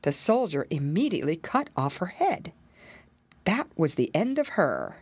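A woman reading a fairy tale aloud, expressive storytelling with dramatic exclamations. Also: low-pitched, a little slow, husky, dry recording.

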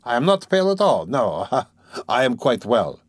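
A man's voice: medium pitch, expressive, moderate pace, dry recording, pitched above the performer's own voice, lightly acted. A man voicing a tense, evasive young student who talks hesitantly and anxiously. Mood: nervous. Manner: hesitant, anxious, fake-casual.

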